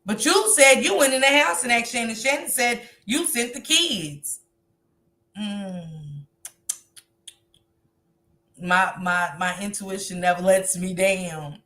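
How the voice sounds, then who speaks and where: A woman hosting a live stream and talking casually to her viewers about a case, animated and speaking straight to the audience. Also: mid-range voice, slow, long pauses. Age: grandmother.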